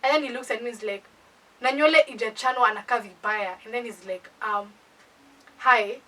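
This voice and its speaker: A young woman with a Kenyan accent telling a casual storytime, animated and indignant. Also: fairly high pitch, quick pace, slight background noise. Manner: animated, indignant, code-switching. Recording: voice distant from the mic.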